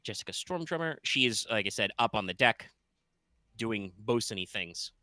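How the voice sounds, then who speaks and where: A man's voice: lowish voice, expressive, normal speed, pushed and bright, no room sound. A man running a tabletop game as game master, chatty and jokey.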